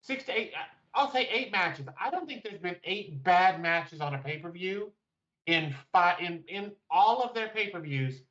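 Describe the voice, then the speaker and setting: An opinionated co-host argues firmly and emphatically in casual wrestling chat. The voice sits at a middling pitch. The audio is dull and lo-fi. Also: lively intonation, normal speed, fairly bright tone, recorded from a distance. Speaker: podcast co-host.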